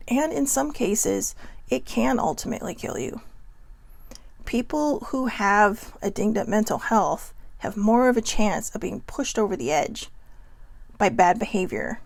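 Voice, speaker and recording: A woman's voice: medium pitch, gravelly, a little mellow, dry recording. A woman hosting a casual motivational talk to camera, frank and swearing freely, with many asides to her viewers. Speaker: host.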